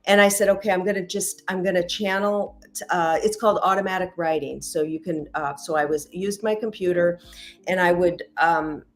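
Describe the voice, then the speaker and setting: A woman's voice: lowish voice, steady tone, moderate pace, soft background music. A middle-aged woman, a matchmaker and intuitive reader, chatting as a podcast guest and acting out quoted dialogue as she tells stories. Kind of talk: casual interview storytelling.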